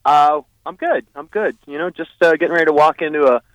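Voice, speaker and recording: A man's voice: a little high, quick pace, no echo, poor audio. Man, radio interview guest, hesitant with fillers, dry sound. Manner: hesitant, full of "you know" and "uh". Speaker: guest, dirt track business owner.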